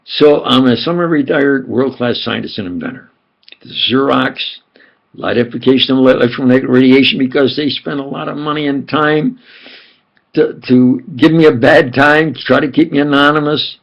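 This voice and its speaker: Gravelly older man with a New York accent. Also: medium pitch, moderate pace, lo-fi sound. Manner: emphatic, digressive, repeats himself. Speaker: self-styled scientist and preacher. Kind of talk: rambling monologue.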